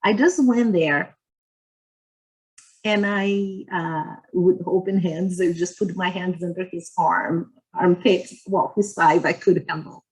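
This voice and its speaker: A woman giving an earnest religious lecture as a guest speaker. She tells personal stories in short, gentle phrases. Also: fairly low pitch, slow, rough recording. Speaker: guest speaker at a spiritist society.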